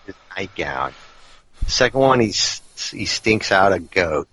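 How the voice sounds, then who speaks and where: Bright-voiced man in relaxed chat. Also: low-pitched, a little slow, breathy edge, low-quality recording. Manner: reflective, short back-channel replies. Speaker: podcast co-host. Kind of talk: casual podcast chat.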